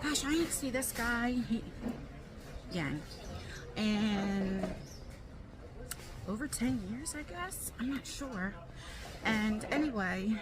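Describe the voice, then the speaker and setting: A woman's voice: a little high, very animated, takes it slowly, long pauses. A woman talks casually to her viewers while filming herself on a handheld phone. Her talk rambles and jumps between topics in a loose, chatty way. Faint background noise sits under her voice. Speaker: YouTuber. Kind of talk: casual vlog chat while shopping.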